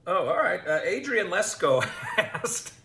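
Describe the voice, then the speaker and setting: A man's voice: high voice, big pitch swings, unhurried, bright, forceful tone, roomy sound. A man co-hosting a podcast, reading listener questions in casual chat, chuckling often and joking dryly.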